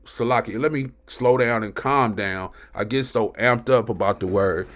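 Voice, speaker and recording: A man's voice: mid-range voice, moderate pace, hardly any pauses, a bit bright. A man reading scripture aloud and commenting on it in an emphatic teaching style, often checking in with "right?" between verses.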